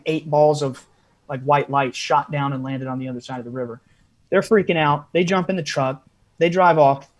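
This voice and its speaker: A man, a podcast guest, telling a long story in a casual interview style with frequent asides. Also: on the high side.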